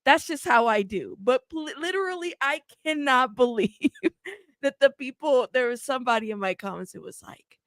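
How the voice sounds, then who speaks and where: A woman hosting a true crime channel, talking in a casual, animated and sassy way, bilingual in Spanish. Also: high voice, moderate pace, no echo. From United States. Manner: animated, sassy, frequent laughs. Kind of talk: casual livestream commentary.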